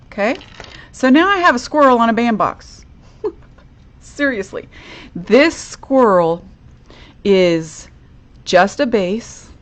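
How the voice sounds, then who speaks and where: A woman hosting a live crafting demonstration, chatty and upbeat, talking viewers through each step at her craft desk. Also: medium pitch.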